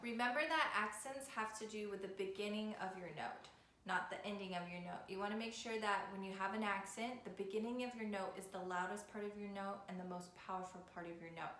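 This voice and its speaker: A woman's voice: medium pitch, fairly quick, fairly bright tone. A woman violin teacher giving a patient, step-by-step video lesson. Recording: echoey room with faint noise.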